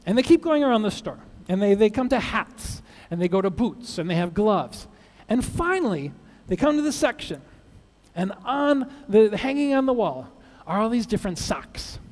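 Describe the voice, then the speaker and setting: A man with a high voice stands before a conference crowd and tells jokes, stopping to ask whether listeners follow. The sound rings with the long reverb of a large hall. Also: sing-song, normal speed, darkish tone. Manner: playful, asks the audience questions. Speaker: conference speaker. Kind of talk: joke-telling talk to an audience.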